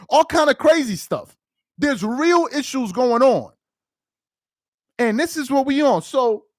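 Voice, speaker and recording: A man's voice: very high voice, dry recording, studio quality. A man from New York City with a New York accent, giving emphatic live-stream commentary that repeats its points and uses street slang. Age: adult with a child.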